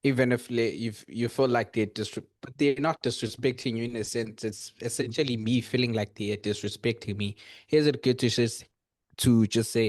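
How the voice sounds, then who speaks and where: A man's voice: medium pitch, fairly even intonation, normal speed, darkish tone, dry recording. A man on a video call asking a coaching question, apologetic and stop-start. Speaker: coaching participant.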